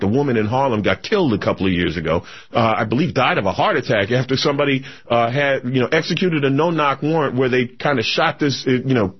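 A man's voice: medium pitch, slightly rough. A man co-hosting a political talk radio show, speaking in a casual, opinionated way with frequent fillers and restarts. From United States. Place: radio studio. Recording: lo-fi broadcast radio recording.

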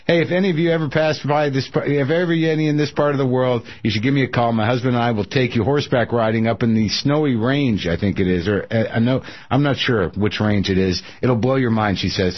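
A male radio host in casual, jokey chat, often stopping and restarting his sentences. His voice sits at a middling pitch. It comes through a dull, lo-fi radio broadcast. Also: quick pace, few pauses. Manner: chatty, jokey, lots of fillers and restarts. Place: radio studio.

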